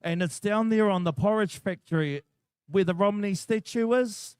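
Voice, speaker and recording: Man, New Zealand accent, competition announcer, higher voice, smooth and dry, chatty and joking. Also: normal speed, dry recording. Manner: jokey, chatty, banters with the crowd. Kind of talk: live event commentary over a PA.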